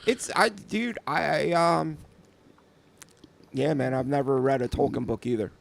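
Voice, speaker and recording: A man chatting loosely on a podcast about tattooing, circling back with stumbles and fillers. His voice has a gravelly fry at the bottom, set at a middle pitch for a man. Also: measured pace, a little hiss or hum. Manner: rambling, repeats words, many fillers. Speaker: podcast co-host, tattoo artist. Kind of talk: casual chat.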